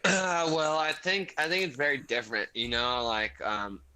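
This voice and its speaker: A man from the United States telling stories in a relaxed, rambling way during a casual livestream chat. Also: mid-range voice, normal speed, clear, resonant tone. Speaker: guest. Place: home, living in Australia.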